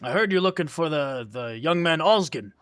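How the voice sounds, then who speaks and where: Guy doing a crusader smith haggling, easygoing, kinda high voice. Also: lively intonation, normal speed, a bit bright, smooth, no echo. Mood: bargaining. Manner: bargaining, easygoing. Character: shrewd male crusader smith bargaining.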